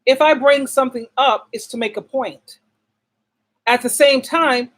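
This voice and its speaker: In a casual advice monologue, a middle-aged relationship channel host speaks bluntly and emphatically to camera, asking and answering her own rhetorical questions and repeating words to stress them. Her voice is high and a bit bright at normal speed, though the audio quality is poor.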